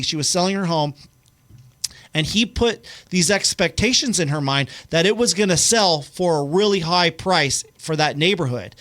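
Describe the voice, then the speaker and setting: A woman co-hosting a casual real estate podcast, telling stories in a playful, quick way. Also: on the low side, fairly bright tone. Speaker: podcast co-host.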